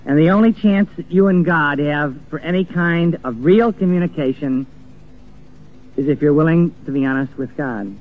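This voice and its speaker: A man's voice: a little high, normal speed. Earnest preacher man on a tinny recording. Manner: earnest, acts out quoted voices. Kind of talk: sermon. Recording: tinny phone-like old recording with faint music.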